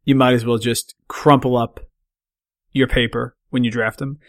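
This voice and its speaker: Opinionated gravelly male podcast host. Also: medium pitch, little pitch movement. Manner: opinionated, quick verdicts, joking asides. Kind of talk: solo sports podcast rant.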